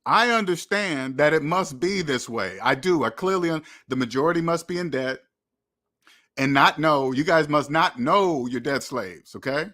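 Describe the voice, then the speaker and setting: A man with a fairly high, bright voice delivers a motivational money monologue. He lectures his viewers in a preachy, repetitive way. Now and then he acts out imagined quotes. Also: expressive, normal speed. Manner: preachy, repetitive, addresses viewers as debt slaves. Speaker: money channel host.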